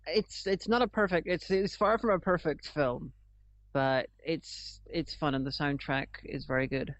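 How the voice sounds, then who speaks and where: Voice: mid-range voice, fairly even intonation, measured pace, no room sound. Hesitant explainer on a lo-fi podcast. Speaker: podcast co-host. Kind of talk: casual chat. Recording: dull lo-fi podcast recording.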